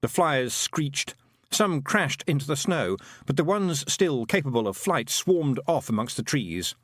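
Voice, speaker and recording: Man, audiobook narrator, expressive, animated pitch, dry studio sound. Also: measured pace, no room sound. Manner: expressive storytelling. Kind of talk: scripted narration.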